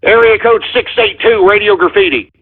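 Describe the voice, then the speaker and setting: The tinny, phone-like recording carries a husky, high male voice at a moderate pace. He is a call-in radio host working through voicemail calls, irritably ranting and swearing at the people who phoned.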